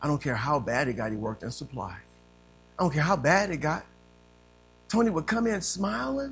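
A man preaching a sermon as pastor, telling his own testimony, swinging from loud, emphatic passages to hushed, quiet ones. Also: fairly high pitch, expressive, normal speed, long pauses.

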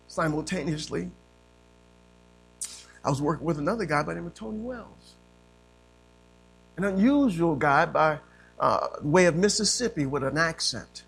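A man preaching a sermon as pastor, telling his own testimony, swinging from loud, emphatic passages to hushed, quiet ones. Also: on the high side, moderate pace, creaky, long pauses.

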